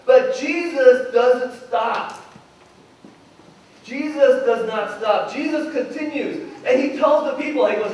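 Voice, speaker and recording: A male pastor preaching to his congregation, voicing the people in the story as he tells it. His voice sits high, and he is picked up from a distance. The church hall gives a heavy echo with a faint hiss behind him. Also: lively intonation, measured pace, darkish tone, dull audio. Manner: storytelling, acting out voices in quotes. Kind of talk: sermon. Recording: echoey hall from far off, faint noise.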